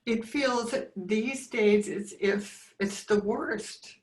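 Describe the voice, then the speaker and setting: A woman in her sixties sharing heartfelt memories over a video call, earnest and halting, often emotional. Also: medium pitch. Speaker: reunion guest. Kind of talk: heartfelt reminiscence.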